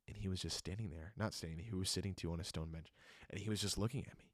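A man's voice: low-pitched, steady tone, fast talker, hardly any pauses, dry recording, clean studio sound. A young man hosting a solo podcast, telling a personal testimony in an earnest, emotional way with many fillers. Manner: earnest and emotional, many fillers, jokes then turns reflective. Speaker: podcast host.

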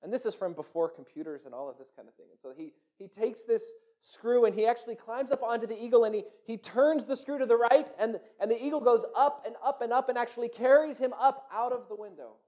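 A man tells a folk tale aloud in a high, animated voice. He often doubles back on words as he builds the story. His telling feels spontaneous rather than scripted. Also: fast talker, hardly any pauses. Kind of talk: oral storytelling.

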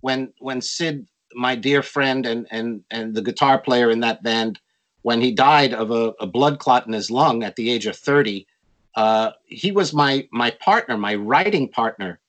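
An older man telling stories from his music career in an interview, animated and acting out quotes in a raised voice. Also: mid-range voice, unhurried, poor audio. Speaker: interview guest, jazz musician. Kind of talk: storytelling in a conversation.

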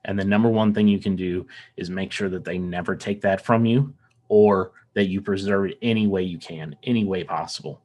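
A man's voice: low-pitched, fairly quick, a little mellow. A man from the American South, without a Southern accent, talking earnestly in a casual podcast conversation, often restarting and repeating words. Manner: earnest, rambling, with frequent restarts and repetitions.

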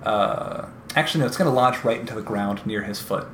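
A man serving as game master narrates a tabletop game in a lowish, slightly bright voice, halting often with ums and restarts. His voice has a roomy echo over faint ambient noise.

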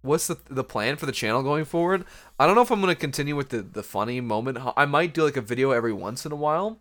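A young adult man hosts a casual podcast chat with friends, speaking fast in a medium-pitched, expressive, slightly bright voice. He is loose and joking, laughing often and swearing a lot.

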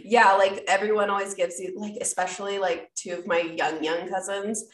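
A woman's voice: medium pitch, level tone, normal speed, recorded from a distance. A young woman co-hosting a podcast, talking bluntly and rambling with lots of "like", laughing now and then. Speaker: podcast co-host. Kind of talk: casual book-club chat. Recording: echoey room, off-mic.

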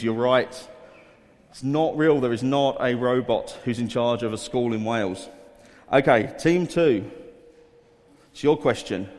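A man's voice: medium pitch, a little mellow. Upbeat male teacher in an echoey hall. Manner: upbeat, coaxing, reads headlines aloud. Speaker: teacher leading a school assembly quiz. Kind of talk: addressing a room of children. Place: school hall.

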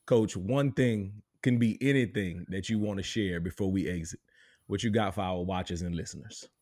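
A man's voice: sits low, moderate pace, darkish tone. A man hosting a coaching interview, reacting with short encouraging remarks and wrapping up the talk. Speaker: podcast host. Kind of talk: casual interview.

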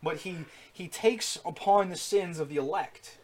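An earnest male preacher teaching a sermon in a somewhat high voice. He builds to loud, emphatic peaks and often restarts his phrases with fillers. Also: a little slow.

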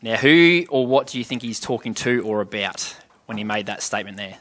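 A man's voice: fairly low pitch, expressive, fairly quick, a bit bright. A man giving an informal Bible teaching, reading scripture passages aloud and then explaining them in an easygoing, conversational way, with questions to his listeners.

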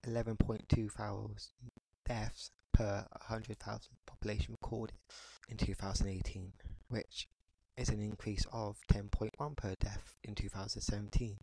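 This is a man in his thirties ranting on his podcast, with a low, gravelly voice. His tone is dark and heavy. He talks in frustrated, halting bursts and keeps falling back on "you know". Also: flat delivery, no room sound, low-quality recording. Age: 30s. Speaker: podcast host. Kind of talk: podcast rant monologue.

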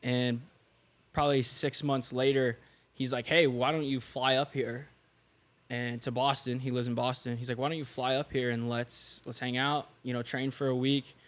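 Animated young man telling a story. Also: mid-range voice, moderate pace. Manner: animated, laughs often, acts out quoted dialogue. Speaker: podcast guest, online fitness coach. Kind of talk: casual storytelling chat.

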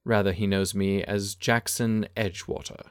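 Brief: man actor, lowish voice, measured line reads, dry booth sound. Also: little pitch movement, smooth, no echo. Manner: measured, restarts after flubs. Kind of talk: reading drama lines with retakes.

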